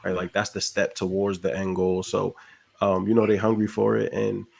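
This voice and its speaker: A man's voice: fairly low pitch, monotone, moderate pace, vocal fry, darkish tone, slightly rough. A man co-hosting a casual sports podcast, laid-back and blunt, with slangy talk. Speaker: podcast co-host.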